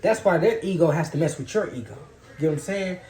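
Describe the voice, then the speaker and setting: A man's voice: fairly high pitch, fast, warm tone. A man giving a loose, profane, preachy spiritual monologue in casual talk. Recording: roomy echo.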